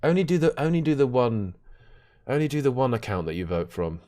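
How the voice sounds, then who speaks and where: A young man talks live to his stream audience from a desk mic. He jokes constantly, breaks into laughter and lets his voice leap up and down. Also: a little fast. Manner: joking, animated, laughs often and swings in pitch.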